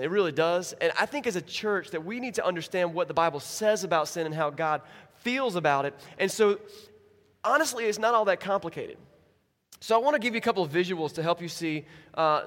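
In a church's large hall, a man with a fairly high-pitched voice delivers a sermon as pastor. His storytelling is animated, and he acts out the characters and their quoted words.

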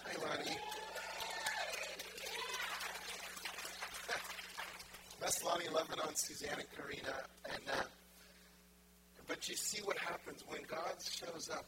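A man preaching in a loose, conversational way, slipping into quoted voices to act out his points. His voice sits a little high. A strong wash of noise runs under the recording. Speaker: pastor. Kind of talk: sermon. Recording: loud background noise.

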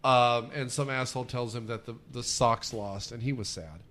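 A man's voice: mid-range voice, steady tone, normal speed, fairly bright tone, slight background noise. Rambling casual man podcasting. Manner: rambling, crude, self-interrupting. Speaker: podcast co-host. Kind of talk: casual chat about movies.

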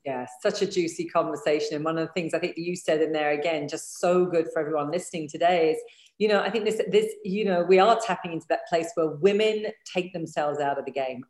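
A woman's voice: deep voice, a little fast, darkish tone. A woman hosting a podcast interview, talking in an affirming, encouraging way. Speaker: podcast host. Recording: echoey room.

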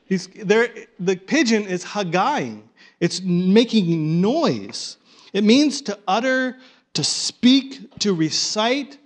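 Male Bible teacher, slightly high voice, animated and repetitive, pulls the group in. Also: slow pace. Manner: animated, repeats and restarts words, coaxes the group to join in. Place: room with a live group.

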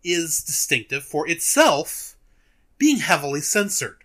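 A man co-hosting a film review podcast, retelling a cartoon in casual chat as an animated storyteller who laughs often. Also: fairly high pitch, a little slow.

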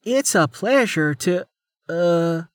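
A man's voice: medium pitch, measured pace, a little mellow, dry recording, voice pushed up, close to an everyday voice. A man voicing an awkward, nervous young female officer who stumbles over her words. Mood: flustered. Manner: flustered and stumbling.

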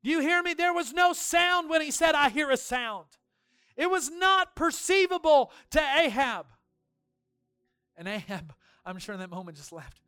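A man preaching a sermon as pastor, swinging between fervent shouted declarations and quiet storytelling. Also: extremely high pitch, animated, moderate pace, no room sound.

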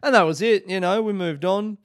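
A young Australian man hosts his own podcast from a home room, his high-pitched voice running a little fast in clean, studio-quality sound with no room echo. He chats casually on his own, swearing, cracking sarcastic jokes, and laughing often.

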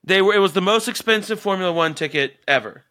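A man co-hosting a podcast in casual chat, excitable and profane, rambling with lots of fillers. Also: high-pitched, fast, no echo. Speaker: podcast co-host.

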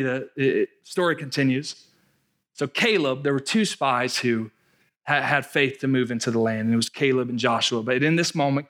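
A man preaching a sermon in an animated, playful way, often repeating words. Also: medium pitch. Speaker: pastor.

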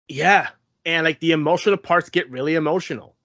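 A man's voice: a little high, brisk, sharp tone, no room sound. A man co-hosting a podcast, chatting casually and rambling with fillers and repeated words. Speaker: podcast co-host. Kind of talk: casual chat. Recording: dull lo-fi podcast mic.

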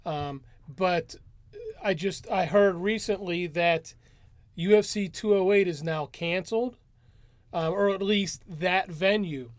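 A man co-hosting a podcast, relaxed and rambling a bit as he explains news. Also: sits high, takes it slowly, no room sound. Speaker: podcast co-host. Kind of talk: casual podcast chat.

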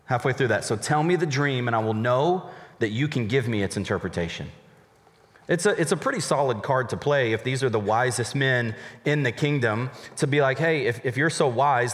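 A man's voice: medium pitch, long reverb tail. A male college pastor preaching a sermon, animatedly voicing the characters in casual paraphrase.

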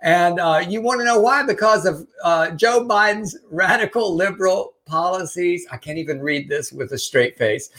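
High bright-voiced man, co-host. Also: normal speed, few pauses. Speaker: podcast co-host. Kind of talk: casual news chat.

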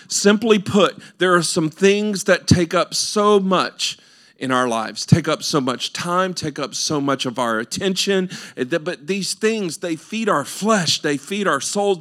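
A man's voice: a little high, a bit bright. A male pastor preaching a sermon, earnest and building with repeated rhetorical questions.

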